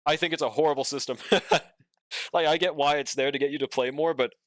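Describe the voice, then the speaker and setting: This sleepy, yawning gaming streamer is a young man with a fairly high, steady voice who talks fast. He drawls in a laid-back way, swears a lot, and reads and responds to chat while playing. The studio-quality audio has no room sound.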